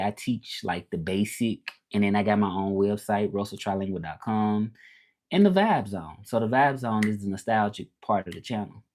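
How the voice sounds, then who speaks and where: A man's voice: fairly low pitch, a little mellow. Laid-back man with a Southern drawl. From Memphis, Tennessee, United States. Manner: laid-back, chatty, repeats himself, Southern slang. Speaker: language teacher and streamer. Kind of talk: casual livestream chat answering viewers.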